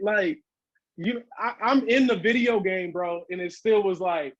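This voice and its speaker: A man with a high, husky voice talks loosely and swears freely as a podcast guest. He jumps into acted-out quotes. The sound is dry and a little dull. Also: measured pace, no room sound. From Southern California. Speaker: guest hip hop artist. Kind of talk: casual podcast interview.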